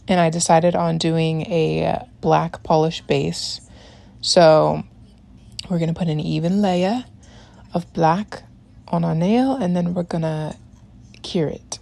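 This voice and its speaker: A young woman with a low voice and lots of vocal fry talks through her nail routine. She rambles casually, drifts into side stories and keeps dropping "like" between her steps. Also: takes it slowly, pauses often, darkish tone. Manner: rambling, lots of "like", laughs while talking. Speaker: nail tutorial creator. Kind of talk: casual chatty tutorial voice-over.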